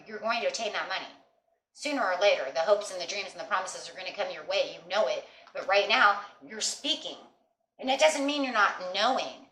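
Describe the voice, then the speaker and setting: A woman with a lowish voice reads tarot for her viewers in a casual, reassuring way, checking in with "okay?" again and again. She sounds like she is in an echoey room with a faint hiss behind her. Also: pushed and bright. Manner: reassuring, repetitive with frequent "okay?" and "you know". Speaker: tarot reader.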